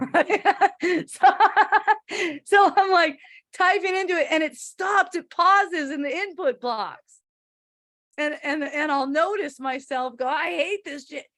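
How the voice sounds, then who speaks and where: A woman with a high voice gives casual spiritual talk to a listener. She rambles, swears offhandedly and laughs easily. The sound is dry, with no room echo. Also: slow, long pauses, fairly bright tone. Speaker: spiritual teacher answering a listener.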